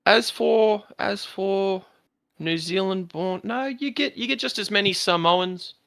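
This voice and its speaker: A man's voice: sits high, unhurried, gravelly, a bit bright, dry recording. A man with an Australian accent chatting casually on a livestream, blunt and crude with plenty of fillers. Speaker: livestream host. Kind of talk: casual chat.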